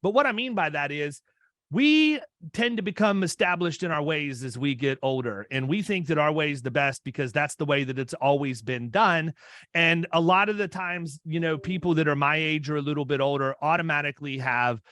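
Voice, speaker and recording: A podcast host in his fifties conducts a casual interview, his fairly high, somewhat bright voice moving at a moderate pace. He rambles and frequently restarts mid-sentence. The recording is dry and studio-clean.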